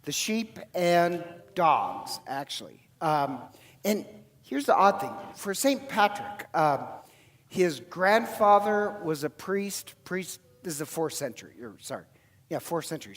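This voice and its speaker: A man from Ireland, a priest, telling a story in a homily in an easy conversational way, with many fillers and quick self-corrections. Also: high voice. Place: church. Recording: church hall reverb.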